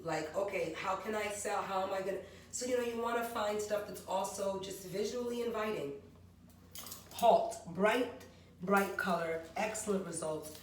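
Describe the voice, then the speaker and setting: A woman's voice: mid-range voice, moderate pace. A woman in her forties, a maker of natural hair and skin products, chatting her way through her product line and rambling through lists of ingredients. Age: 40s. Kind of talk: casual product walkthrough vlog. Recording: very echoey room, voice from far off, faint background hum.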